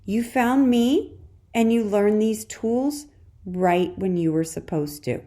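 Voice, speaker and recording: A woman's voice: medium pitch, takes it slowly. A woman talks straight to her listeners as the host of a solo parenting podcast. Her delivery is chatty and encouraging, loose and conversational, with frequent "okay"s. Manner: warm encouraging, addresses listener as "dear warrior".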